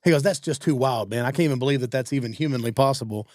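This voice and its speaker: A man, co-hosting a podcast and telling stories in a casual, animated way, acting out what other people said. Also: medium pitch, dry recording, clean studio sound. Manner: fast-talking, animated quoting of others. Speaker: podcast co-host. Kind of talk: casual storytelling.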